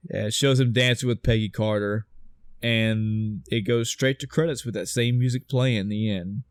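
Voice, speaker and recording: A man co-hosting a podcast, excitedly retelling a film scene by scene, swearing and acting out the dialogue. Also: on the low side, normal speed, dry recording, studio quality. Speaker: podcast co-host. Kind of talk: casual film discussion.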